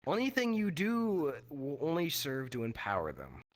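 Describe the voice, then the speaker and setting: A man performing a stand-up comedy set in a virtual reality comedy club, talking on a headset and acting out characters in quick quoted voices. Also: on the high side, wildly swooping pitch.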